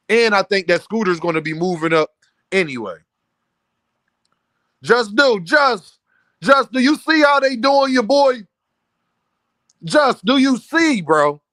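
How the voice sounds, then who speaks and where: A man hosting a casual boxing commentary stream, heated and animated, often repeating himself and breaking into near-shouts. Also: high voice, a little slow, long pauses, dry recording. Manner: many restarts and repeated fillers.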